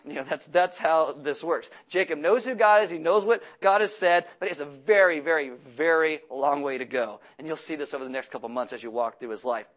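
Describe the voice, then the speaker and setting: A man giving a sermon, animated and jokey, mixing scripture reading with humorous asides. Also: on the high side, fairly quick, few pauses. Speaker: pastor.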